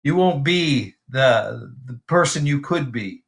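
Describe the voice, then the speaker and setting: A man's voice: mid-range voice, expressive, slow, creaky. A man voicing an angry, insecure old king scolding his son while retelling a Bible story. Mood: urgent scolding. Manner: urgent, scolding.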